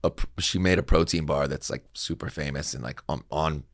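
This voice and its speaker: A man's voice: very deep voice, a little fast, no room sound, clean studio sound. A young man, a comedian guest on a podcast, telling stories in casual chat with plenty of laughs, a little tipsy from beer. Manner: laughs often, animated storytelling with put-on voices. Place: podcast studio. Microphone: studio mic.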